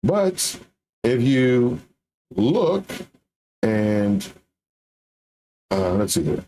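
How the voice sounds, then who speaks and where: A man teaching chart trading on a livestream, explaining in an animated way and acting out the voices of confused viewers and rival teachers. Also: medium pitch, very slow. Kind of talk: livestreamed market commentary.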